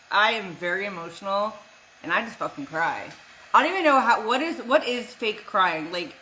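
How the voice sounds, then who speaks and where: A woman's voice: medium pitch, bright, forceful tone, slight background noise. A young woman talking casually on a live stream from home, blunt and swearing freely as she answers her viewers by name. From United States. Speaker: vlogger answering live chat.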